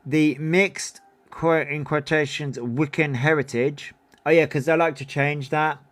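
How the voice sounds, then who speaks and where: A man's voice: fairly high pitch, fairly even intonation, a little slow. A man hosting a livestream in casual commentary, reading down a numbered list and adding offhand remarks. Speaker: livestream host.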